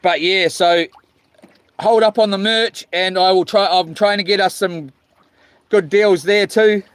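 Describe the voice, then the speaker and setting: A man's voice: high voice, steady tone, unhurried, smooth, dry recording. A man chatting with viewers while fishing outdoors on the ocean, rambling and swearing in mock-grumpy jokes. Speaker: fishing vlogger. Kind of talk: live-stream chat with viewers.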